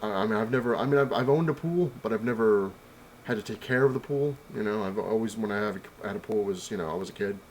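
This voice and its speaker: A young man talks quickly into his camera mic at home, rambling through a story with plenty of fillers and restarts. His voice sits fairly low, and a faint noise hangs under the recording. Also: low-quality recording. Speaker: vlogger. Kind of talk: casual storytelling.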